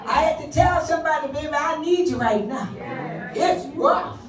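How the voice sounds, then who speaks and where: A woman's voice: sits high, normal speed, far from the mic, loud music behind the voice. An older woman preaching and leading fervent prayer in church, calling out to the congregation and slipping into song. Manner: fervent, call-and-response preaching, breaks into song. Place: church sanctuary. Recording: echoey church hall miked from afar with crowd.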